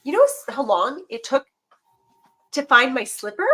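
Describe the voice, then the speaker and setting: Animated woman telling stories. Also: high voice, moderate pace, long pauses, slightly rough, rough recording. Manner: animated storyteller, laughs often. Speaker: podcast guest. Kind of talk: casual podcast conversation.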